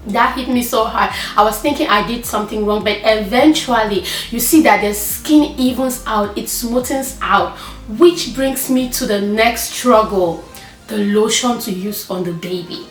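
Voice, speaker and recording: A woman's voice: fairly high pitch, moderate pace, fairly bright tone, far from the mic. A woman vlogging as a first-time mother, chatting candidly and acting out her own frantic thoughts in little quoted asides. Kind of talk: candid personal vlog talk. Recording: echoey room with faint background music.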